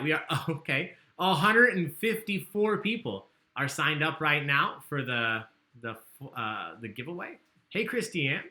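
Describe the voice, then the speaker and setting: A man's voice: fairly high pitch, bright, forceful tone, echoey room. A man hosting a livestreamed trivia game, chatty and joking as he reads out the questions. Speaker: trivia host.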